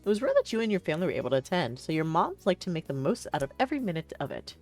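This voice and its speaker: A woman's voice: on the low side, very animated, racing, darkish tone, soft background music. A young woman streaming a game, chatting casually and reading the story aloud, rambling with many fillers and frequent laughs.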